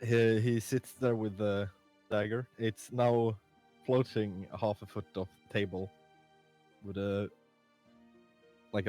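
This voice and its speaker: Halting man narrating as game master. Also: lowish voice, a little mellow. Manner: halting, many fillers.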